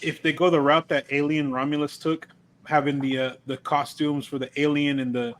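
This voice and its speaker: Man co-hosting a podcast, kinda high voice, hyped and slangy, swears. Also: level tone, moderate pace, a bit bright, slight background noise. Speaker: podcast co-host. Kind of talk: casual chat.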